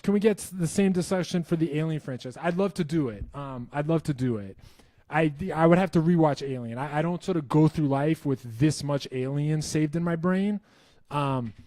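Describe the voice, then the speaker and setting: A man's voice: a little high, warm tone, dry recording. Rambling, wry man on a dry mic. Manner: rambling, self-interrupting, laughs often; wry and enthusiastic. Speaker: channel host answering viewer questions. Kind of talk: casual live stream chat.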